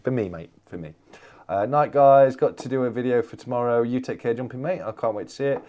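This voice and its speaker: This man runs a relaxed live chat, replying to viewers, repeating phrases and calling everyone "mate" again and again. A warm, mid-range voice carries his slightly fast delivery.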